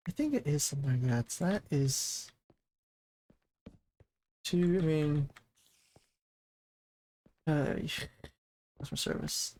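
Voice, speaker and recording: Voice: medium pitch, expressive, slow pace, pauses often, a little mellow, a little hiss or hum, rough recording. A streamer casually chatting and rambling while building in a game, often counting blocks aloud.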